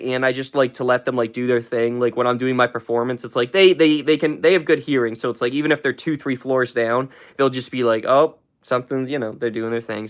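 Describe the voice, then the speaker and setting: A young man hosting a casual livestream from home on his phone, upbeat and chatty, giving shout-outs to viewers. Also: clear, resonant tone. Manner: upbeat, gives shout-outs to chat, jumps pitch when excited. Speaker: livestream host. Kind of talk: casual live-stream chat with viewers.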